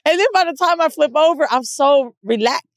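A woman co-host, telling stories in an animated, casual way and swearing freely. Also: high voice, a little fast, no echo, clean studio sound. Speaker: podcast co-host. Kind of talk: casual podcast chat.

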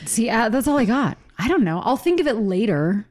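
Casual podcast co-host, woman, chatty and animated, laughs through her stories. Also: fairly high pitch, a little fast. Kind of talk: casual chat.

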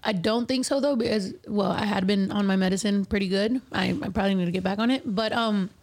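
A woman talks on a casual livestream in a loose, rambling way, frank and quick to swear. She is getting over covid. Her voice sits at an ordinary middle pitch. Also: darkish tone. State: recovering from covid. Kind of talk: casual chat.

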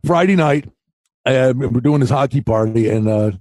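A man co-hosting a sports betting podcast in casual chat, an animated storyteller who acts out other people's lines. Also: mid-range voice, normal speed, no echo. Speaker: podcast co-host.

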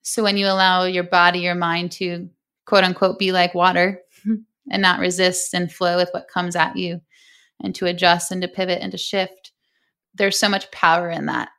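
Young adult woman, earnest guest, flat even delivery, gravelly. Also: fairly low pitch, normal speed. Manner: earnest, heartfelt storytelling. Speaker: guest, breathwork coach. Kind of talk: interview storytelling.

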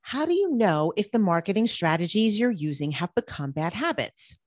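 A woman's voice: medium pitch, sing-song, moderate pace, darkish tone, no room sound. A woman co-hosting a marketing podcast, reading prepared points in an upbeat way. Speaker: podcast co-host. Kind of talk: scripted podcast chat.

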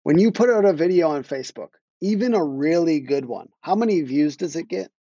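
A man's voice: fairly high pitch, expressive, fairly quick, warm tone, no room sound, muffled recording. A man talking casually on a podcast about marketing, rambling and restarting his sentences as he tells a story. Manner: rambling, self-interrupting, laughs while telling stories. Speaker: guest, marketing agency owner.

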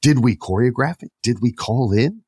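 A man's voice: medium pitch, expressive, normal speed, darkish tone, husky, no room sound, studio quality. A man hosting a podcast in casual chat, rambling and talking straight to his listeners. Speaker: podcast host.

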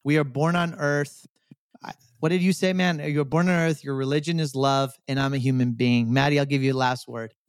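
A man's voice: medium pitch, steady tone, fairly quick, smooth, dry recording, clean studio sound. A man co-hosting a podcast, speaking in a passionate, emphatic way. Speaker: podcast co-host. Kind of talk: casual podcast chat.

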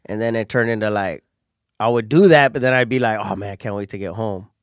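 A man's voice: on the low side, quick pace, no room sound, clean studio sound. A man who is a comedian, chatting casually in laid-back slang, calling people homie and laughing often. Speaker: comedian guest. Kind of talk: casual chat.

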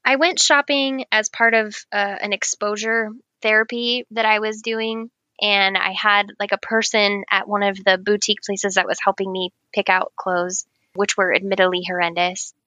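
Guest: woman, higher bright voice, lively storyteller, dry close sound. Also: moderate pace, few pauses, no room sound. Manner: animated, laughs often, acts out quoted lines. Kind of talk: casual storytelling.

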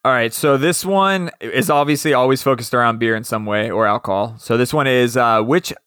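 This is a laid-back man hosting a casual podcast. His voice sits at an ordinary middle pitch, and it is recorded dry and close with hardly any room sound. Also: brisk, fairly bright tone, clear, resonant tone, dry recording. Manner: laid-back, runs a trivia quiz. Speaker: podcast host.

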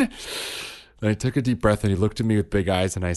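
Lively low-voiced man telling family stories. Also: moderate pace, dry recording, studio quality. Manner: animated storytelling, acts out kids' voices, laughs often. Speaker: podcast co-host, parent. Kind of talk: casual chat.

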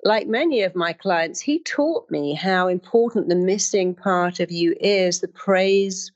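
A woman's voice: fairly low pitch, a little slow, lo-fi sound. A woman speaking as a therapist, telling personal stories and acting out the voices of the people in them. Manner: storytelling, acts out quoted voices. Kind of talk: motivational talk with personal stories.

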